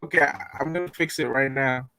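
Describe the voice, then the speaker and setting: A man's voice: medium pitch, a little fast, bright, forceful tone, a little hiss or hum. A man on a stream talking through a headphone mic that sounds robotic and distorted, flustered as he keeps asking how he sounds. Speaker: stream guest.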